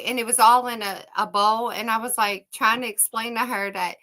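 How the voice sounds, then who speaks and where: A woman, co-hosting a casual livestream chat, a loud, laughing, salty storyteller. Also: on the high side, steady tone, normal speed, a little hiss or hum, poor audio. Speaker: co-host.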